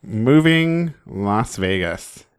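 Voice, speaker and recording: A man's voice: fairly low pitch, expressive, very slow, clear, resonant tone. A man co-hosting a podcast, telling puns and teasing his partner in casual, wry banter. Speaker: podcast co-host.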